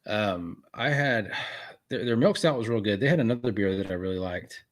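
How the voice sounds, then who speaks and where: A man's voice: lowish voice, moderate pace. A man guest in casual chat, talking hesitantly with many fillers and restarts.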